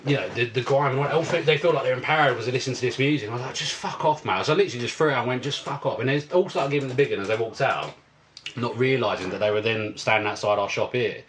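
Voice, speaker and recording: A man's voice: mid-range voice, very fast, slight background noise. A man, telling a story in a casual podcast chat and swearing a lot. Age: 50s. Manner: swearing, animated anecdote telling.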